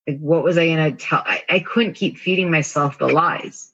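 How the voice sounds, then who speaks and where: A woman's voice: low-pitched, moderate pace, hardly any pauses, fairly bright tone, dull audio. A woman coach, a podcast guest, telling a personal story in a candid, self-deprecating way with many fillers. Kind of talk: casual storytelling in an interview.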